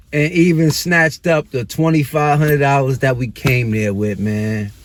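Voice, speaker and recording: A man in his thirties tells a personal story in a loose, slangy way, keeps dropping "yo" and "man". His voice sits fairly high for a man. He swings from excited to rueful as he talks. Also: a little hiss or hum. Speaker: vlogger telling a personal story. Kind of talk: casual storytelling to camera.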